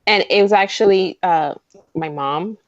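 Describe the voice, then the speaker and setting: A woman guest co-hosting a fan podcast, excitable and rambling in casual chat. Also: fairly low pitch, no echo, muffled recording. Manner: excitable, rambling, talks fast when excited. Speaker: guest co-host.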